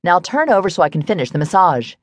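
Woman reading a bossy teasing young woman, low voice, cool, dry close mic. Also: very animated, fast talker, dry recording.

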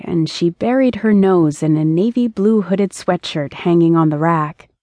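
A woman reads an audiobook aloud in a mellow, warm voice. Her telling is measured and expressive, recorded close and dry with no room sound. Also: lowish voice, no room sound. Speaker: audiobook narrator. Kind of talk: scripted audiobook narration.

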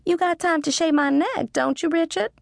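A woman voicing a loud, syrupy older woman. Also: extremely high pitch, moderate pace, vocal fry, no echo, studio quality, voice pushed up. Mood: gushing. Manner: syrupy, snorting laugh. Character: loud gushing older Southern woman client.

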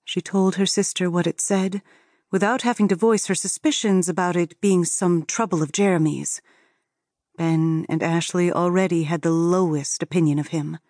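A woman narrating an audiobook with steady, expressive storytelling. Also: on the low side, moderate pace, no room sound, clean studio sound.

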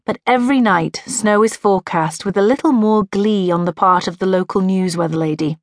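A woman's voice: medium pitch, moderate pace, no room sound, studio quality. A woman narrating a first-person audiobook in a wry, sardonic inner-monologue manner. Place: recording studio.

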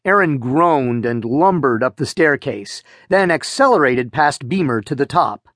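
A man giving wry, expressive narration of a children's audiobook. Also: fairly high pitch, no room sound, clean studio sound. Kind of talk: scripted children's book narration.

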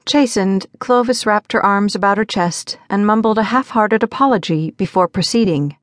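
Woman, audiobook narrator, mystery reading, small pitch shifts for characters, dry close sound. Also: moderate pace, no room sound. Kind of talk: scripted narration.

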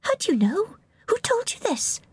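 Actress as a spirited child queen, high, bold and quick-tempered. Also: huge pitch swings, darkish tone, dry recording, full character voice. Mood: curious.

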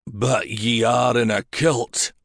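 A man reading an audiobook and voicing a vicious, crusty old Highland laird with a Scottish accent. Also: steady tone, takes it slowly, no room sound, studio quality. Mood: menacing. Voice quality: crusty, gruff.

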